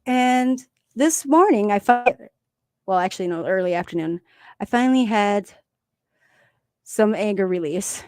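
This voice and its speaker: A woman's voice: mid-range voice, a little slow, long pauses, no echo, studio quality. A woman co-hosting a casual recovery discussion, talking openly and with feeling about her own life. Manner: open, emotional, animated storytelling. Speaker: podcast co-host.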